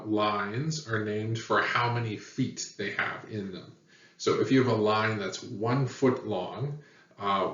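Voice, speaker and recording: A man teaching a lesson in a plain, patient way, pausing often with fillers. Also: lowish voice. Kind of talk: explanatory lecture. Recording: echoey, dull, far from mic.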